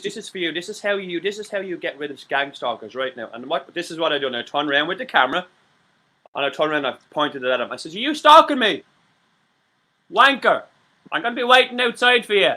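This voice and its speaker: A man's voice: fairly high pitch, quick pace, bright, forceful tone. An Irish man from Ireland chatting on a live-stream talk show, rambling and swearing, with many stammered restarts. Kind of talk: casual live-stream chat.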